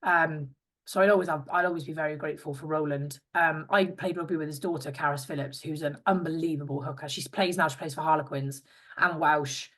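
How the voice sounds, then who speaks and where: A chatty young woman from England talks as a podcast guest in a lowish voice. She tells her story with lively bits of quoted dialogue, voicing the people she remembers. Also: fairly quick. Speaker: guest, former rugby player. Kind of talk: casual interview chat.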